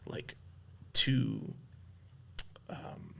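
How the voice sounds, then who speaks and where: A man's voice: extremely slow, bright, forceful tone. A man in his thirties, a podcast guest, telling a personal story in a candid, heartfelt way, with lots of "like" and "right". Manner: heartfelt, many fillers like "like" and "right".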